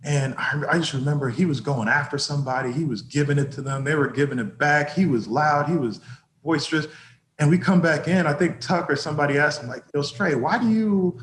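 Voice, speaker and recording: A man's voice: on the high side, steady tone, a little fast, fairly bright tone, reverberant, slight background noise. A former football player telling anecdotes in a casual interview, often laughing as he goes.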